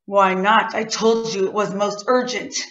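A woman playing a pompous, formerly rich man with a husky voice, complaining indignantly, recorded lo-fi with echo. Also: mid-range voice, level tone, measured pace, a bit bright, close to an everyday voice. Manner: indignant, self-important complaining. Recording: lo-fi, echoey.

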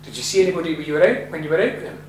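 Man reading as a dogged Scottish police sergeant, questions steady, echoey live room. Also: a little high, racing, close to an everyday voice. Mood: probing. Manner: persistent, plain questioning. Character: gruff middle-aged male police sergeant, probing. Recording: echoey room with faint hum.

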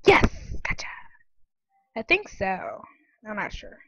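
A woman giving casual, excitable commentary while playing online games, often giggling and squealing. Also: on the high side, unhurried, no room sound, dull audio. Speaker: gaming channel host.

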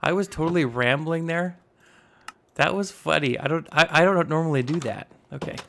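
A man in his twenties with a slightly raspy voice, casually narrating a building game and rambling as he goes. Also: a little high, moderate pace, fairly bright tone, a little hiss or hum. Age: 20s. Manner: rambling, self-teasing, narrates each step aloud. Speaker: gaming YouTuber. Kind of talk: casual Minecraft let's play commentary.

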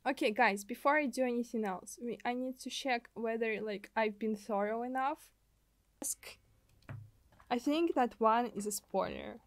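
A young woman from Russia, speaking English with a Russian accent, runs a casual game livestream and chats excitably with her viewers. Her voice sits high and bright, with lots of giggling between lines. The sound is dry and close on a desk mic, with no room around it. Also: measured pace, no echo. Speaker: streamer.

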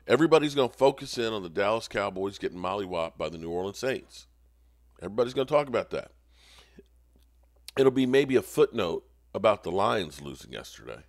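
Sarcastic low-voiced male sports host. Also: dry recording, studio quality. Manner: mock-outraged, sarcastic.

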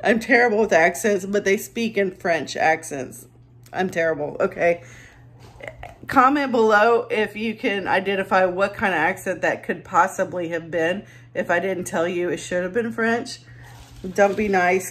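A woman's voice: fairly low pitch, moderate pace, fairly bright tone. A woman who resells items part-time, chatting casually and upbeat to her viewers as she shows what she sold, with a self-deprecating streak.

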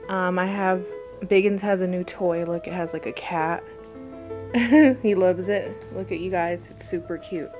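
A woman's voice: fairly low pitch, a little slow, darkish tone, faint music behind, rough recording. A woman in a casual pet vlog at home, cooing baby talk at her cat and laughing often. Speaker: pet vlogger.

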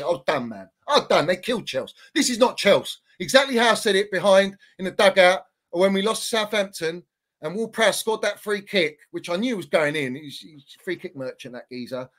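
A man ranting as a Chelsea fan pundit, swinging between shouting and muttering in animated football banter. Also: high-pitched, a little fast.

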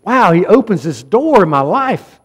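A man's voice: high voice, very animated, moderate pace, slightly rough, big-room sound. A man preaching a sermon as pastor, speaking emphatically and often urging the congregation directly. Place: church sanctuary.

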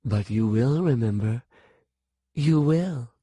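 A man voicing an ageless wild-haired witch who speaks softly, slowly and possessively. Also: medium pitch, expressive, husky, no room sound. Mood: dreamy. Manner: soft, hushed and slow.

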